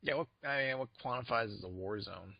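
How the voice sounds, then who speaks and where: A man's voice: medium pitch, brisk, gravelly, dull audio, crowd noise. A man co-hosting a podcast in casual chat, joking and swearing, now and then slipping into silly put-on accents. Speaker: podcast co-host.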